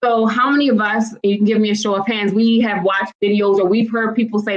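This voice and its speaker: A woman's voice: medium pitch, steady tone, a little fast, hardly any pauses, dull audio. A woman hosting a live-stream talk for parents, speaking conversationally and asking viewers to respond in the comments. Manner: conversational, asks the audience for responses. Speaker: host and parenting educator.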